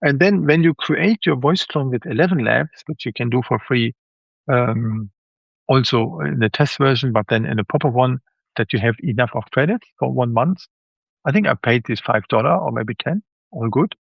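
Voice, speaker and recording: A native German speaker whose German accent carries some Swiss chats casually as a guest author in an interview, animatedly acting out quoted reactions. His mid-range voice is creaky and husky at a normal speed. The recording is lo-fi with no room sound.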